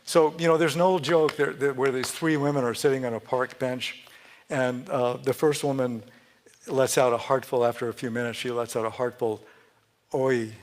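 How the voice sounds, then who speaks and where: A Sunday talk in a church sanctuary comes from a man of medium pitch whose voice barely moves in pitch, at a moderate pace. His preaching is chatty and joking, with frequent restarts and laughter at his own punchlines.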